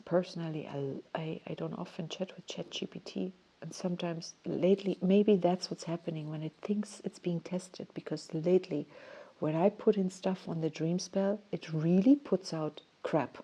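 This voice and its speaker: A woman hosts a casual solo talk, speaking softly and dreamily as she rambles through her thoughts. Her voice is mellow and warm, sitting a little low, and she often breaks off to restart a sentence. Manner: dreamy, rambling, soft-spoken with self-interruptions. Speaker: host. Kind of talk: casual musing monologue.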